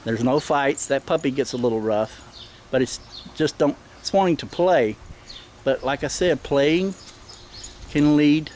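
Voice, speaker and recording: A middle-aged man, filming himself outdoors in a backyard and explaining things plainly in a firm voice that turns sharp when he barks commands. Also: medium pitch, moderate pace, a little hiss or hum. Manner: plain-spoken, firm commands with sudden sharp shouts at the dogs. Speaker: dog owner filming his own pack. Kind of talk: casual instructional narration. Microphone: handheld camera mic.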